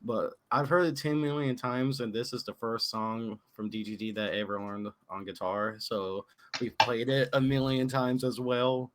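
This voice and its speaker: A man's voice: mid-range voice, steady tone, moderate pace, fairly bright tone. A young man hosting a casual online podcast chat, laid-back, with frequent fillers and swearing. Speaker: podcast host.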